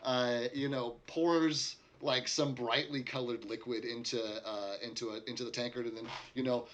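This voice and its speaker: A man's voice: medium pitch, steady tone, normal speed, a bit bright. A man narrating a tabletop game as game master, casual and full of fillers.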